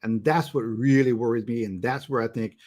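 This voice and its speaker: A man's voice: mid-range voice, fairly quick, a little mellow. A man hosting a live political talk show, speaking hesitantly and often restarting his words. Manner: hesitant, restarting words, stumbling over phrases. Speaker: host.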